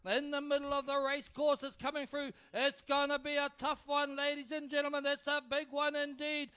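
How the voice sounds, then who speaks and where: A man calling a canoe race live as announcer, excitable and urging the crowd to cheer. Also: extremely high pitch, moderate pace. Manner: excitable, urges the crowd, tongue-tied at times. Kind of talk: live sports commentary. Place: outdoor regatta venue.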